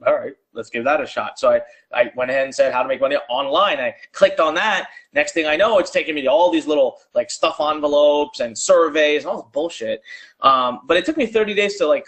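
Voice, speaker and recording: A man giving a live-streamed sales pitch as an online business coach, talking casually and urging viewers to type replies in the chat. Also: lively intonation, a little fast, fairly bright tone. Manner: urgent and conversational, drives audience to type replies in chat; casual with fillers and slang.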